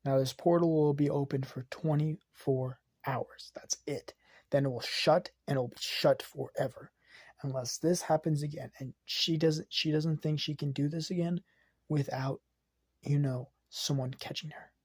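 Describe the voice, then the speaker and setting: Casting: husky man, casual improvised storyteller, dry close sound, halting and restarting. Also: fairly high pitch, steady tone, darkish tone, dry recording. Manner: hesitant, with restarts and drops into a whisper.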